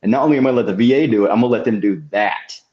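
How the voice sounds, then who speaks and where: A young adult man on a podcast telling stories in an animated way and acting out what people said. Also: mid-range voice, very fast, a little hiss or hum. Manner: animated storyteller, acts out quotes. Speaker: podcast co-host. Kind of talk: casual chat, storytelling. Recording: dull lo-fi audio.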